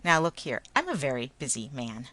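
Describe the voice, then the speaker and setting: A woman reading a story, voicing a brusque, blustering male parade manager who talks loudly and hostilely. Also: a bass voice, very animated, brisk, exaggerated voice. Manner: blustering, loud, hostile then jovial.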